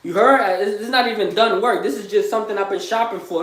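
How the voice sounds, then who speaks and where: A man's voice: high-pitched, fast talker, fairly bright tone, heavy reverb. A young man boasting in street slang, repeating himself and firing questions at the listener in a live motivational vlog. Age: young adult. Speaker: motivational vlogger.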